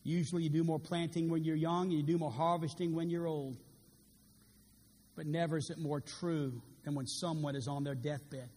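A man's voice: a little high, fairly even intonation, moderate pace, a little mellow, husky. A man preaching a sermon, dramatic and earnest, acting out quoted words with rising intensity. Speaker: pastor. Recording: long reverb of a large hall.

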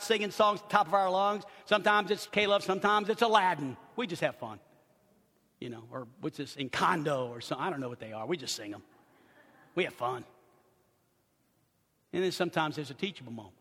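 An older man, a pastor, preaching a sermon and telling family stories with lively, acted-out moments. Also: high voice, fairly quick, big-room sound. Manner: animated storytelling, acts out loud screams.

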